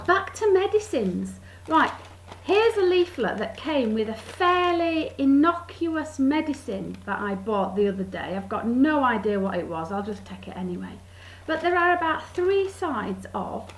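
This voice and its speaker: Sarcastic woman, lively voice. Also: a little high, slight background noise, rough recording. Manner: sarcastic, mocking, drawls words for effect. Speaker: vlogger. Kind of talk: satirical comedy monologue.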